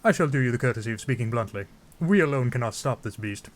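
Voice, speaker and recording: A man's voice: mid-range voice, lively intonation, fast talker, natural voice. King Dorephan, a man doing a stately fish-king. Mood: regal. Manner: formal, stately old-fashioned speech. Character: huge, booming old fish-king, courteous and regal.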